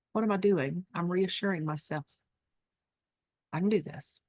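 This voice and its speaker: Woman teaching caregivers on a webinar, lowish voice, emphatic, says things over and over, dry close sound. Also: moderate pace, no room sound. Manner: warm, emphatic teaching with repeated phrases. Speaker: dementia care educator. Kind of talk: webinar presentation.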